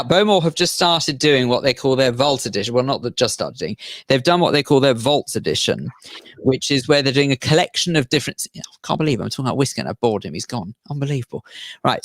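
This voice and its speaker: A man's voice: medium pitch, animated, fairly quick, a bit bright, dry recording. A man co-hosting a radio show in casual chat, talking earnestly and a little formally. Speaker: radio co-host. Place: radio studio.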